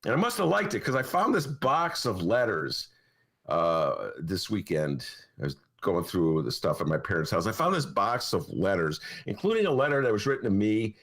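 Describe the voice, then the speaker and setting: A man's voice: lowish voice, very animated, moderate pace, fairly bright tone. A man in his sixties hosting a podcast, chatting casually in a rambling, opinionated way. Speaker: podcast host. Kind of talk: casual chat.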